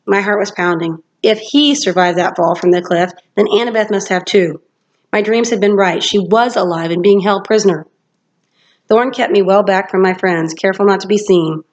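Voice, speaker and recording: A woman teacher reads a novel aloud to her class, steadily and with occasional self-corrections. Her voice sits at an ordinary middle pitch. The lo-fi recording sounds slightly muffled. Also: moderate pace. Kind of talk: storybook read-aloud narration.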